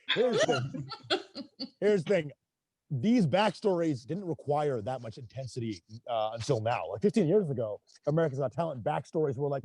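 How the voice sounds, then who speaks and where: A man performing stand-up comedy over a video call from outdoors, animated and laughing at his own jokes. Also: on the high side, moderate pace, a little hiss or hum. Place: outdoors in an industrial spot.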